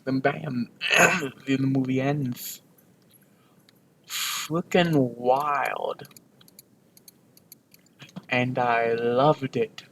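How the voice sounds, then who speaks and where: A man talking slowly and loosely over his gameplay, stringing thoughts together with fillers and restarts. His pitch sits in an ordinary middle range, with a faint hiss of background noise on the recording. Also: a bit bright, low-quality recording. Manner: rambling, lots of fillers and restarts. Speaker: let's play gamer. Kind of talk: casual rambling recap over gameplay.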